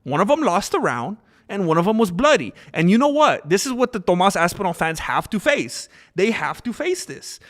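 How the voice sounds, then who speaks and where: A man hosting a casual livestream, giving opinionated, animated commentary and reading out chat messages. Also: high voice, moderate pace, hardly any pauses. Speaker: livestream host.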